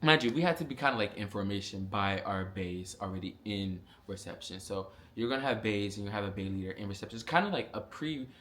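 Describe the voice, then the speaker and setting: A young man, telling a casual storytime vlog with lots of fillers and animated asides. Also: on the low side, quick pace, few pauses. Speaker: vlogger.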